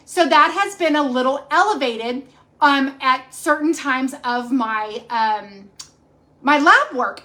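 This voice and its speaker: Lady in her 40s rambling to her viewers, high voice, keeps correcting herself. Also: bright, forceful tone. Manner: rambling, chatty, self-correcting. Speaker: cooking channel host. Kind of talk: casual livestream chat.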